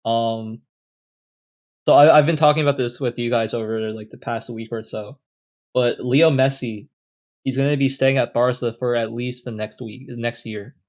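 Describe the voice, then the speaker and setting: A man's voice: medium pitch, steady tone, normal speed, darkish tone. A young man co-hosting a podcast, explaining things at length in a rambling, casual way with many fillers. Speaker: podcast co-host. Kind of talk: casual chat.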